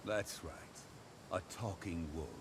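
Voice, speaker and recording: A grave, deep-voiced talking wolf. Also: male voice, steady tone. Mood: solemn. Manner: grave, measured delivery. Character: solemn male talking wolf, proud and wary. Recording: game audio with background noise.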